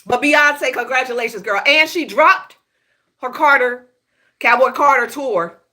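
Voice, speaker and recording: A woman from Houston, Texas, with a Southern accent hosts a casual, profane gossip monologue, packed with laughing asides and "y'all" aimed at viewers. Her high voice is bright and forceful, and she speaks at a measured pace. She is a gossip show host.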